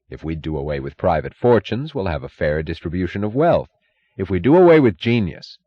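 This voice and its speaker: A man reading an audiobook, voicing a cynical middle-aged scientist who speaks lazily and slowly with pointed emphasis. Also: fairly low pitch, a little mellow, no room sound, muffled recording. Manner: lazy, slow, pointed emphasis.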